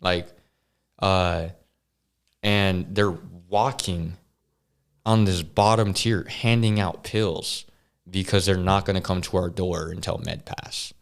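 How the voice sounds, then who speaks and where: A man as a podcast guest, earnestly telling a personal story with halting restarts and sighs. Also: deep voice, fairly even intonation, creaky. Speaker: interview guest.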